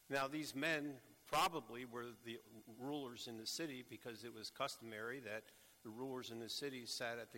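A male preacher delivering a sermon at an unhurried, measured pace. His voice is bright and forceful, breaking into urgent emphasis at times. It rings with a long reverb, as if recorded in a large hall. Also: mid-range voice. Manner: slow, deliberate delivery with bursts of urgent emphasis.

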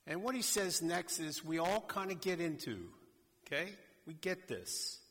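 A man preaching a sermon slowly and emphatically, addressing a congregation. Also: a little high, sing-song, fairly bright tone. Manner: slow, deliberate, emphatic preaching. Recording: long hall reverb.

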